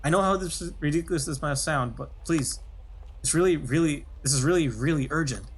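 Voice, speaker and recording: A man's voice: fairly high pitch, lively intonation, fast, breathy edge, voice pushed up. A man doing a desperate, begging stranger. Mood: pleading. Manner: begging, urgent. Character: desperate pleading man in a hurry.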